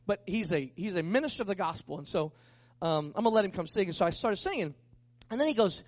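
A man who is a pastor, telling a lively story as part of a sermon and acting out the people in it. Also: high voice, fast talker, no room sound, dull audio. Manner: animated, acts out the people in his story.

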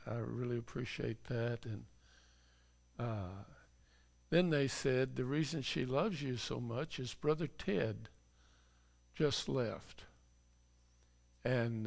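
A middle-aged male pastor in a church, moving from a folksy story to an earnest sermon. His voice is gravelly with a rough fry under it. He talks slowly and takes his time between phrases. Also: mid-range voice.

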